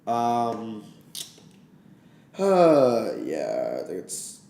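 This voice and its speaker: Ranting sports fan man, lively pitch. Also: very slow, gravelly, roomy sound. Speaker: live-stream host. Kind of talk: live reaction stream.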